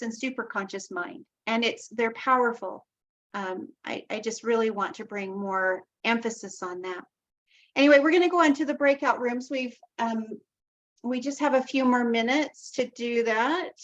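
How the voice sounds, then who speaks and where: A woman with a slightly high voice hosts an online group call. She talks casually and keeps circling back to loving affirmations. The video call sound is dull and lo-fi. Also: normal speed. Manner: warm-hearted, repeats herself, loving affirmations. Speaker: call host.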